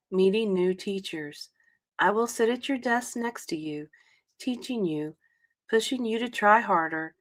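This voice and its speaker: Woman, soft tender reading voice, measured, mid-pitched, sentimental read-aloud.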